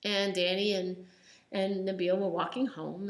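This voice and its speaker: A woman's voice: mid-range voice, flat delivery, a little slow. A woman telling a children's story aloud in a casual, unscripted way, with ums and restarts.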